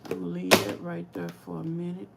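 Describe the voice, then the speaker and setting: A woman's voice: fairly low pitch, completely flat delivery, brisk, creaky, heavy background noise. A woman with a St. Louis accent chatting casually to viewers on a live cooking vlog, laughing often. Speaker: cooking vlogger. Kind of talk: casual live-stream chat.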